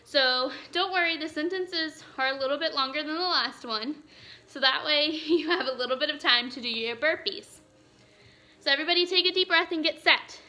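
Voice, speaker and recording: A woman leading a warm-up workout as a fitness instructor, upbeat and encouraging, reading a rhyme in a slow, steady cadence. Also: sits high, soft background music.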